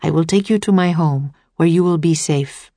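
A woman voicing a gentle, wise older male poet who speaks in a calm, measured way. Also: low-pitched, no room sound.

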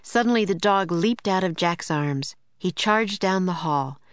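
A woman narrating a children's story in a measured, clear storytelling manner. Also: lowish voice, lively intonation, no echo. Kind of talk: audiobook narration.

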